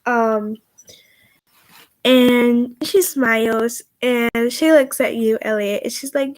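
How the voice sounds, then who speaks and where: A woman narrating as game master of a tabletop role-playing game, halting and full of fillers. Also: fairly high pitch, steady tone, no echo, poor audio.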